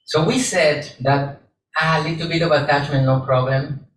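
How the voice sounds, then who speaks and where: A man, a Buddhist monk, giving a gentle sermon to a live audience and repeating phrases for emphasis. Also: fairly high pitch, fairly even intonation, normal speed. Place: large echoey hall with audience. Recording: roomy hall, distant mic, faint background hum.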